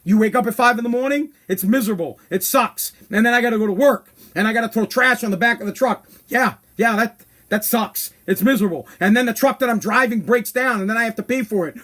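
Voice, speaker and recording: Blunt ranting man, high-pitched. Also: quick pace, fairly bright tone. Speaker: podcast host. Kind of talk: casual opinion monologue.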